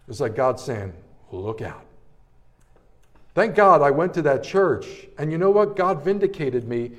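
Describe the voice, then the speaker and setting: A middle-aged man preaching a sermon, telling stories from his ministry and swinging between hushed passages and loud, excited ones. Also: on the high side, unhurried. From New Jersey area, Italian-American family. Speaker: pastor. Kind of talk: sermon with personal storytelling.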